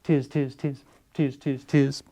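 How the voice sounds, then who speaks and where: A man's voice: medium pitch, little pitch movement, slow, mellow, voice pushed up. A man voicing a troop of mischievous monkeys that chatter back in mockery, in a storybook read-aloud. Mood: teasing. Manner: teasing, chattering. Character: mischievous mimicking tree monkeys.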